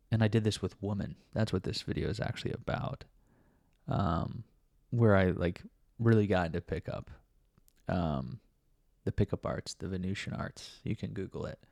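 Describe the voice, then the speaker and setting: A man's voice: fairly low pitch, gravelly, a little mellow, dry recording, studio quality. A man vlogging a casual, reflective monologue, rambling with many fillers and restarts, sometimes talking to himself with self-mocking laughs.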